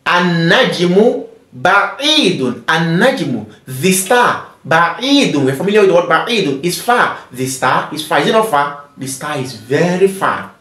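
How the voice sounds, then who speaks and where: A male Arabic tutor giving a recorded lesson, patiently repeating each word slowly and often. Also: on the high side, lively intonation, a bit bright, reverberant.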